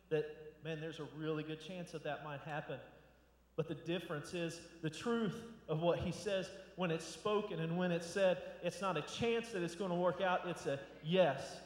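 A male pastor giving a loose, conversational sermon, often repeating words and restarting phrases. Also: high voice. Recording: echoey hall with long reverb.

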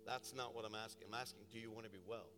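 A man voicing Jesus as calm and probing, quietly searching, in a reverberant church hall. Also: medium pitch, fast talker, over music, pitched below the performer's own voice, lightly acted.

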